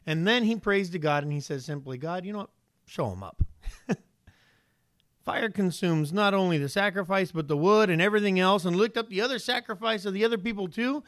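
A male preacher with a slightly high voice tells Bible stories in a lively, conversational way, dropping casual slang along the way. The recording is dry and close, with little room sound. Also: fast talker, few pauses, no echo. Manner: animated storytelling, mixes in casual slang. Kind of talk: casual sermon.

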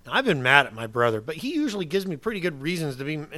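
Male pastor, conversational sermon, bright tone, dry close sound, loud points and quiet asides. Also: fairly high pitch, sing-song, fast, no echo. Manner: conversational preaching, asks the congregation questions.

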